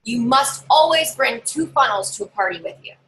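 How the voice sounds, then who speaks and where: A woman's voice: on the high side, lively intonation, moderate pace, a bit bright, poor audio. A woman giving casual how-to tips to camera as a party sales consultant, chatty and bossy, talking from her desk at home. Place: home desk with a drawer and her dog nearby.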